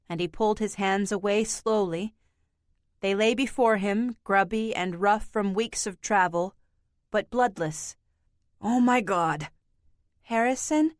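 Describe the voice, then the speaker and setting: A woman narrating an audiobook in a slow, measured, even reading. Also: mid-range voice, smooth, no echo, studio quality. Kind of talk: scripted narration.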